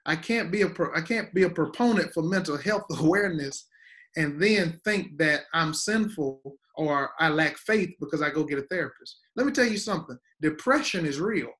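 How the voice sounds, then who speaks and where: A man's voice: fairly high pitch, animated, normal speed, a bit bright. A man, a guest pastor, teaching in a preaching style, emphatic and repeating words for weight.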